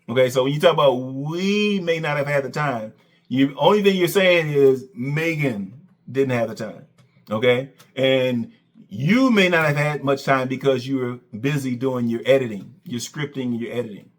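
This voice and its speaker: A man's voice: medium pitch, normal speed. A man hosting a reaction commentary, sarcastic and mocking, who keeps repeating "okay" and "Coach.". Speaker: commentary channel host.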